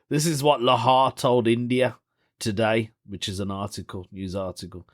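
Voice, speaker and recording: A man's voice: medium pitch, unhurried. A man hosting a solo podcast, chatting casually, reading a news story aloud and reacting with amused disbelief. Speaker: podcast host.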